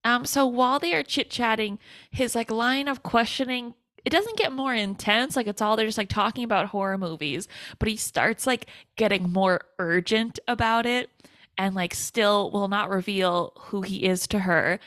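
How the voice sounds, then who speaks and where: Young woman podcaster walking through a movie plot, mid pitch, dry sound. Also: normal speed, no echo. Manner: animated storyteller, acts out quotes, laughs often. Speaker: podcast co-host. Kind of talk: casual chat, retelling a film.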